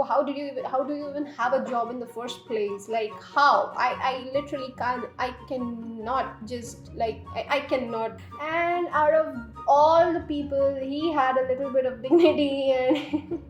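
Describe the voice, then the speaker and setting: A young woman, telling a storytime while doing her makeup, exasperated and laughing as she swears and rants. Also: high-pitched. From India. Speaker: beauty vlogger. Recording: echoey room with faint background music.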